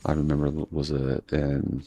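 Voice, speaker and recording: Man, extremely deep voice, husky, laid-back rambling gaming chat, casual swearing. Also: monotone, normal speed, warm tone. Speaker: gaming streamer.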